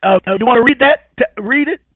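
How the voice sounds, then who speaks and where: High-voiced guy rambling on a radio show, halting, dry tinny phone-like sound. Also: husky, dry recording. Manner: rambling, halting, repeats words while searching. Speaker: radio talk show host. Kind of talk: casual radio talk.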